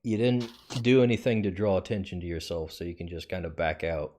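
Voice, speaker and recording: A man running a tabletop game as game master, relaxed and teasing. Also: low-pitched, brisk.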